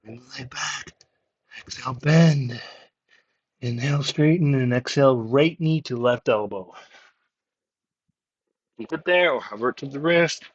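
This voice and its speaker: A male yoga instructor guides a class through poses with calm, encouraging cues, taking his time between each one. His voice sits at an ordinary pitch and comes through a slightly dull, lo-fi recording. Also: unhurried, pauses often, slightly rough. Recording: slightly muffled, lo-fi audio.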